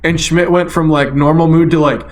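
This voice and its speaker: A young man on a casual sports podcast, his voice sitting a bit high as he tells stories with his friends. He acts out the people in them, slipping into quick impressions. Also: a loud crowd. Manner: animated storytelling, acting out quotes. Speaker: podcast co-host. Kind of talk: casual chat.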